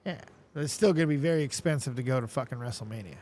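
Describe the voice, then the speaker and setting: A man hosting a casual show, talking in a rambling, profane, excitable way. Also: medium pitch, racing. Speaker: host. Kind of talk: casual chat.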